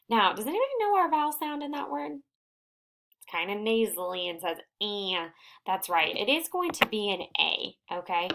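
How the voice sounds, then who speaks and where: A woman reading teacher records a phonics lesson for young children, sounding out words slowly and with patience. Her voice is fairly low and a bit bright.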